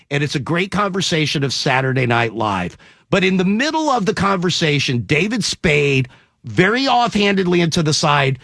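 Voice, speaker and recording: Male radio morning host; high, gravelly voice on a dry studio mic, eager and questioning. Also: fairly bright tone, no room sound. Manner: eager questioner, repeats and restarts. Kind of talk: casual radio interview.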